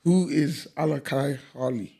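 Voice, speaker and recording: Gravelly husky male co-host. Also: a little high, measured pace, dark tone. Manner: laid-back, asks the questions. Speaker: podcast co-host. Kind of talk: casual podcast chat.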